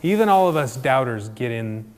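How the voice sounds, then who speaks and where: A man's voice: mid-range voice, lively intonation, moderate pace, in a large hall. A man giving a conversational sermon, chatty and often checking in with "right?". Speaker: church speaker.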